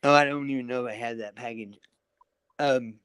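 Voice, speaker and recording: A man's voice: medium pitch, steady tone, fairly quick, a bit bright, clean tone, no room sound, rough recording. A tired man chatting casually on a live online panel, rambling, swearing freely and laughing often. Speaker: panel guest.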